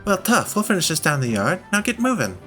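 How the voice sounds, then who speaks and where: Bossy brash young policewoman in a game, high and punchy, read by a man. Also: sing-song, fairly quick, sharp tone, faint music behind, full character voice.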